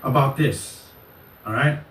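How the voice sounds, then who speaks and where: A man telling a story in a casual vlog rant, rambling and animated, with swearing. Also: medium pitch, slow. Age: adult. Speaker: channel host. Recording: echoey, distant mic, faint noise.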